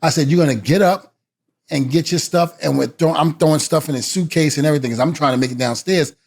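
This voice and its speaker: A middle-aged man with a slightly high voice tells a story with energy. He acts out every line of dialogue, shifting his voice for each person, and laughs between beats. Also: quick pace, vocal fry. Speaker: guest, retired wrestler. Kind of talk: animated storytelling.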